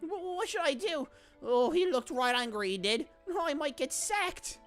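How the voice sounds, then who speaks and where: A woman's voice: high voice, sing-song, unhurried, a bit bright, soft background music, voice pushed up, exaggerated voice. A woman voicing a panicky young palace servant who stammers and apologises in a flustered way.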